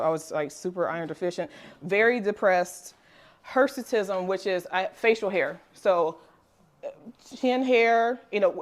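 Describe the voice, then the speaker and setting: A middle-aged woman telling her personal health story to a class, earnest and candid, with frequent fillers and light laughs. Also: mid-range voice. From Nigerian family background. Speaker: holistic nutritionist and wellness teacher.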